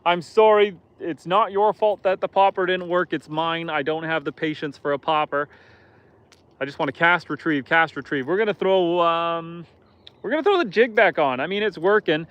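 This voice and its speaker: Male live-stream host, fairly high and smooth voice, joking and self-deprecating, casual chat outdoors, slightly dull, dry audio. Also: normal speed, a bit bright. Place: outdoors on a lake, in a boat.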